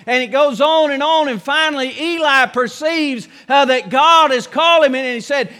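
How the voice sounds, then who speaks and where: A man's voice: very high-pitched, moderate pace, few pauses, bright, forceful tone. A man preaching a sermon in a church, impassioned and repetitive, acting out Bible scenes. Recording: long reverb of a church hall.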